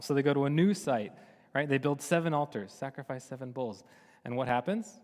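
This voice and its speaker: A man, a rabbi, giving a sermon on the weekly Torah portion, telling it lively and asking many rhetorical questions. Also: medium pitch, moderate pace. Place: synagogue sanctuary. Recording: long reverb of a large hall.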